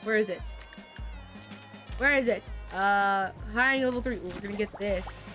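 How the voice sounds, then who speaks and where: A woman's voice: mid-range voice, moderate pace, fairly bright tone. A woman streaming a game, chatting casually in a chaotic, playful way with lots of stammered restarts. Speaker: VTuber streamer. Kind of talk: casual gameplay commentary. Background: game music.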